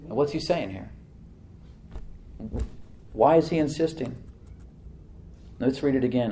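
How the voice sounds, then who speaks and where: A man preaching a sermon as pastor of his church, conversational, with repeated words and restarts, swinging from loud emphatic bursts to low quiet asides. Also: normal speed, pauses often, reverberant.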